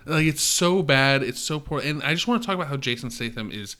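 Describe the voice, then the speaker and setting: Bright-voiced animated man reviewing movies. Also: a little high, brisk. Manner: animated, swearing, acts out quotes. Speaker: podcast co-host. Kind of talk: casual movie review chat.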